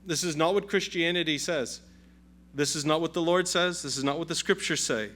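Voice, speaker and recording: A man's voice: on the high side, fairly quick, a bit bright. A male pastor preaching a sermon with an emphatic, repetitive cadence.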